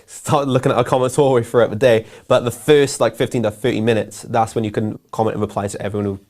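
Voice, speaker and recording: A man's voice: mid-range voice, fairly even intonation, darkish tone. A man co-hosting a business live show, chatting casually with lots of fillers and laughs, his voice a little worn. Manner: quick, laughing, filler-heavy. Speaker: co-host.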